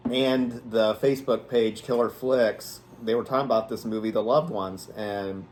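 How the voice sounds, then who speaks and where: A man's voice: fairly low pitch, fairly even intonation, moderate pace, darkish tone, a little hiss or hum. A man co-hosting a horror movie review in casual chat, hesitant, with many ums and restarts as he explains.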